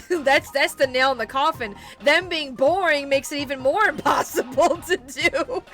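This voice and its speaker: A woman's voice: sits high, moderate pace, fairly bright tone. Rambling young woman streamer, faint music behind. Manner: rambling, many fillers and restarts, talks to chat. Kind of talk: casual live-stream chat while gaming.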